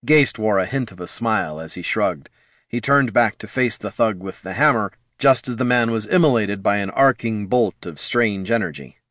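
Low voiced guy reading a fantasy audiobook, steady, super dry sound. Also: moderate pace, no room sound. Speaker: audiobook narrator. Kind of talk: scripted fantasy audiobook narration.

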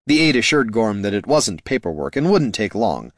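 A man narrating a fantasy story aloud in expressive scripted narration. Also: lowish voice, moderate pace, few pauses, no room sound, studio quality. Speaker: audiobook narrator.

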